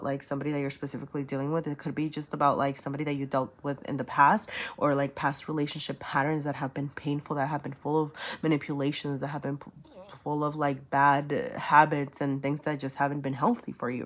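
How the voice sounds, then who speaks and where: A woman doing a casual tarot reading, rambling with many fillers and often checking in with "right?" and "okay?". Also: sits low. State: choked up at times. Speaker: tarot reader.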